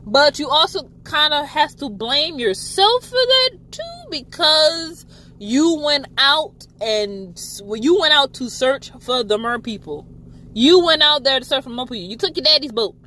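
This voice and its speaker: A woman's voice: sits high, a little slow. Chatty woman recapping a show. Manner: chatty, animated, swears freely. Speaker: TV show reviewer. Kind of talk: casual recap.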